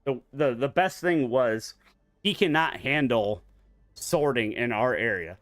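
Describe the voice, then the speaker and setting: A man's voice: mid-range voice, lively intonation, measured pace, fairly bright tone, no room sound. A man in his forties chatting casually while gaming online, telling a long, profane story from work in a rambling way. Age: 40s. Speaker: gaming streamer.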